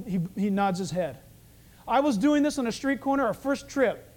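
High-voiced animated male preacher. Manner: animated storytelling, acting out dialogue. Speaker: pastor. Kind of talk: sermon.

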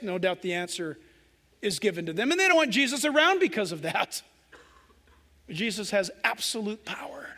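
A male pastor delivers an impassioned sermon in a very high, ringing voice. His tone is bright and forceful, and long reverb from a large hall trails every phrase. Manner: impassioned preaching, acts out quoted voices.

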